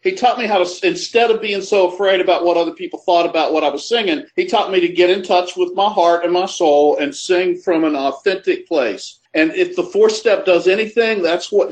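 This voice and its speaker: A man's voice: high-pitched, low-quality recording. A middle-aged man, a guest, telling personal stories in a reflective, conversational way. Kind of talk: storytelling conversation.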